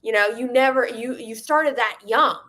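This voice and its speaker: A young woman co-hosting a live chat show over a video call, chatty, self-deprecating and quick to laugh. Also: a little high, sharp tone. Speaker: co-host. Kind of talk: casual live-stream chat.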